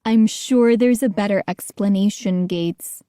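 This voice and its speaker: A woman's voice: medium pitch, unhurried, mellow, no echo, clean studio sound, lightly acted. A woman voicing a skeptical scientist father in an audiobook, speaking in a matter-of-fact, slightly mocking way. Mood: dismissive.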